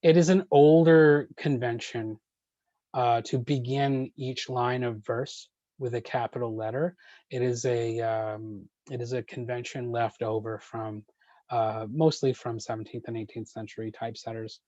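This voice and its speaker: Measured man leading a poetry workshop. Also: mid-range voice, steady tone, warm tone, dry recording, dull audio. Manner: measured, with frequent ums and uhs. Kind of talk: online workshop talk answering questions.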